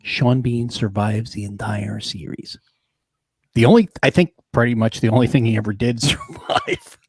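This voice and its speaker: A man's voice: mid-range voice, huge pitch swings, moderate pace, slight background noise. A man co-hosting a casual chat about wargames, rambling with fillers while reading the live chat. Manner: chatty, rambling with fillers and restarts.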